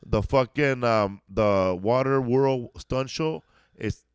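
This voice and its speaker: A man's voice: medium pitch, slow pace, clear, resonant tone, no echo, studio quality. Rambling man telling stories. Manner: rambling storyteller, peppers talk with "bro" and "dog". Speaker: podcast co-host, comedian. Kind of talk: casual chat.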